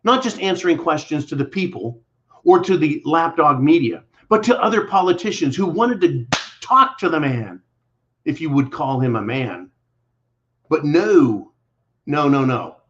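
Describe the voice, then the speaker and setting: A man's voice: a little high, expressive, a little slow, a bit bright. A man hosting a political commentary show, talking in a blunt, combative, sarcastic way. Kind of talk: angry monologue to viewers. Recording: dull lo-fi audio.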